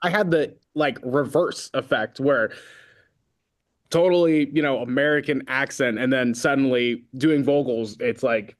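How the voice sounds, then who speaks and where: A mid-range male voice, a little slow, comes from an interview guest who sings in a band and is from Concord, California. The chat is casual, and his stories are animated, rambling and heavy on fillers.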